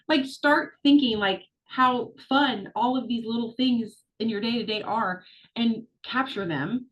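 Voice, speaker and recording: A woman's voice: fairly high pitch, a little slow, fairly bright tone, highs cut off, a little hiss or hum. A middle-aged woman coaching her group on a video call, talking in a chatty, upbeat way with plenty of fillers. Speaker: social media business coach.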